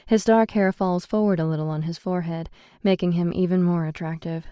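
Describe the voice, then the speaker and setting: A woman reading a first-person audiobook narration in a slow, measured way. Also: fairly low pitch, steady tone, clear, resonant tone, no echo, highs cut off.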